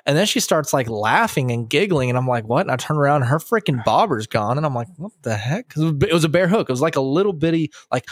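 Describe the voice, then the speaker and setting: A man's voice: on the high side, quick pace, few pauses, no echo. A man in his thirties hosting a podcast, telling fishing stories in casual chat and acting out what he and his friends said. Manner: animated storyteller, quotes himself and friends. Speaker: podcast host.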